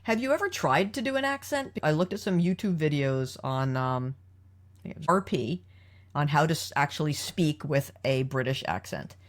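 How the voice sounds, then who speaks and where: A woman's voice: sits low, lively intonation, normal speed. A woman hosting a podcast, talking through episodes in a casual, analytical way and asking her co-host questions. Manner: analytical, leads the discussion with questions.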